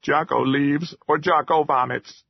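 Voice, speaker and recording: A skittish little troll whines and pleads in a high, husky voice, acted by a man reading an audiobook. The sound is dull and dry, like a modest home recording. He refers to himself by his own name. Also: steady tone, measured pace, dry recording, full character voice. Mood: queasy. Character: timid whiny little male troll. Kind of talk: audiobook character voice.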